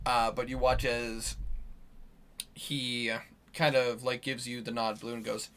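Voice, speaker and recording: A man's voice: medium pitch, little pitch movement, takes it slowly, a bit bright, a little hiss or hum. A man narrating as game master in a tabletop game, rambling with lots of fillers.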